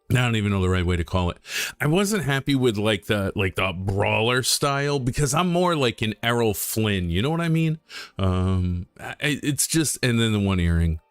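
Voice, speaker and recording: A young man streaming a game from home, chatting casually in a rambling, joking way with deadpan asides. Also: medium pitch, no room sound. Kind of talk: casual live-stream chat.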